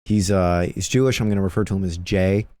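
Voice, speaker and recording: A man's voice: sits low, quick pace, dry recording. A young man hosting a live stream, chatting casually and reading forum posts aloud, with plenty of swearing. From Filipino heritage. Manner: animated storyteller, swears a lot, acts out quotes loudly. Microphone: close streaming mic.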